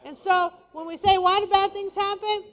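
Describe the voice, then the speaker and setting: A woman pastor preaching a sermon, lively and conversational, with playful asides to the congregation. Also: very high-pitched, normal speed. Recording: long hall reverb.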